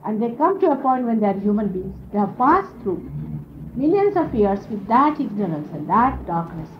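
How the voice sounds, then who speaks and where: A woman's voice: mid-range voice, big pitch swings, normal speed. Woman teacher on muffled old archive tape. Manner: conversational, explanatory, sprinkled with "you see". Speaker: spiritual teacher. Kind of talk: informal spiritual talk to followers. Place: indoor gathering. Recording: dull lo-fi 1970s archive tape with faint hiss.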